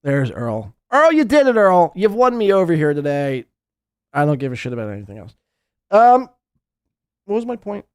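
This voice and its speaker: A man hosting a live podcast, ranting with crude, sarcastic mockery and swinging between loud outbursts and muttered asides. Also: fairly high pitch, big pitch swings, normal speed, pauses often. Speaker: podcast host.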